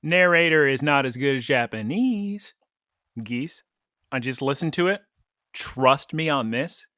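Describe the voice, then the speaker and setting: Lively excitable man on a podcast. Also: medium pitch, unhurried, no room sound, studio quality. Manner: playful, excitable, teasing. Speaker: podcast co-host. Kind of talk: casual chat.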